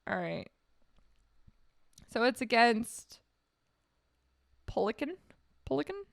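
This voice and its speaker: Casual, wry woman streamer, higher pitch, dry close sound; reads aloud and laughs easily. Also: dry recording. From California. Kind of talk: live stream commentary, reading aloud.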